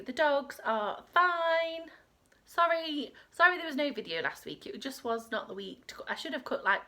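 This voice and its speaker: A woman's voice: a little high, bright, forceful tone. A woman hosting a crochet podcast from home, rambling in casual chat with lots of fillers. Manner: rambling, chatty, with many fillers.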